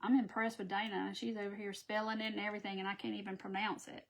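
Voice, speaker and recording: A woman hosts a live craft stream, talking quickly in a mid-range voice with a flat delivery. She chats with viewers while she works and laughs at her own stumbles.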